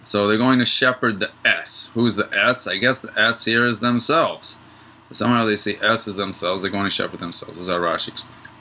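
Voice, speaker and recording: A man teaches a Torah study lesson in a relaxed, digressive way. His voice sits slightly low but has a bright, forceful edge. A faint hiss of background noise runs under his talk. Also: normal speed, rough recording. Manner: relaxed, digressive, tells a joke mid-lesson.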